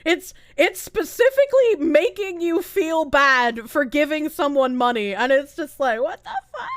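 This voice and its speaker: A woman's voice: sits high, animated, measured pace, no room sound, studio quality. A woman streamer chatting casually and rambling on a live stream, laughing often between lines.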